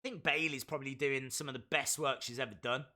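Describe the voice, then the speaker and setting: Excitable man calling wrestling. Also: mid-range voice, fast. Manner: excitable play-by-play, bursts into shouts. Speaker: wrestling stream host. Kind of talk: live reaction commentary.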